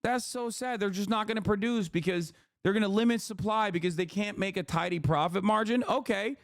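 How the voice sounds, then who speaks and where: A man's voice: high-pitched, a little fast, dry recording, clean studio sound. A man hosting a stream, reacting to clips with sarcastic, profane political commentary. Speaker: streamer host.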